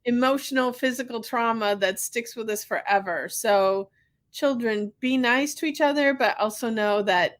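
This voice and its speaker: A woman's voice: on the high side, moderate pace. A woman hosting a podcast and talking about her work as a physical therapist, chatty and earnest in casual conversation.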